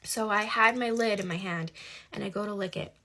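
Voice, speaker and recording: A woman's voice: mid-range voice, fairly quick, sharp tone. A young woman telling a personal story in casual, emphatic chat, with rhetorical asides. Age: young adult.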